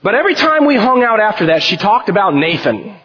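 Male pastor, lively husky preaching voice, somewhat high, muffled recording. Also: fairly quick. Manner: animated preaching, reading scripture aloud. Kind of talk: sermon.

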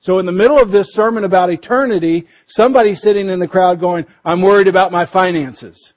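A male pastor preaching a sermon, emphatic, pushing his voice up for stress and dropping low and quiet to drive points home. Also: brisk, dull audio. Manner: emphatic, rises and drops for stress.

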